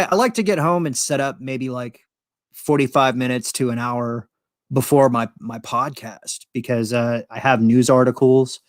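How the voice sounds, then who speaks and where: An American man with an average-pitched voice, chatting loosely on his podcast stream. He rambles, swears freely, and laughs at his own asides. The sound is dry and close, with no room echo. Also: a bit bright. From United States. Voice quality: profane, rambling, laughs often. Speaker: podcast host. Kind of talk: casual livestream chat.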